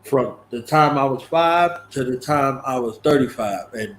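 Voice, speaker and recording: A man's voice: medium pitch, a little slow, a bit bright, a little hiss or hum. A middle-aged man hosting a casual late-night chat, telling stories in a laid-back, profane way with frequent laughter. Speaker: host. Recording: roomy echo.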